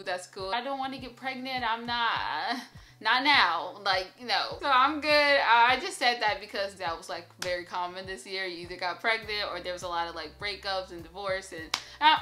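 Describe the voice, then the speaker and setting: A woman's voice: mid-range voice, pushed and bright, poor audio. A woman in her twenties chatting casually at home while getting ready, upbeat and laughing often. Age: 20s. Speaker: YouTube vlogger. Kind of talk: casual get-ready-with-me chat.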